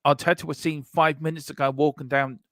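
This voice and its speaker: A man's voice: fairly high pitch, flat delivery, a little fast, a bit bright. Boisterous man hosting a stream. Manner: boisterous, boastful, reads out chat messages. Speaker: host of a football transfer news show. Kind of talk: casual live-stream chat.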